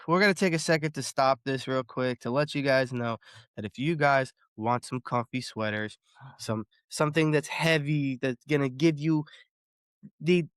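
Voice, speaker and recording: A man hosting a casual sports podcast, telling stories in an animated way, swearing freely and repeating words. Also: fairly high pitch, clean tone, no echo, clean studio sound. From Boston area. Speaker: podcast host.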